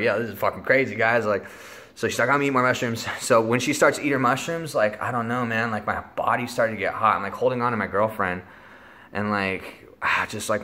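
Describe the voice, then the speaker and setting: A man's voice: fairly low pitch, bright, forceful tone. A young man casually telling a rambling story, full of filler words and swearing. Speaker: vlogger.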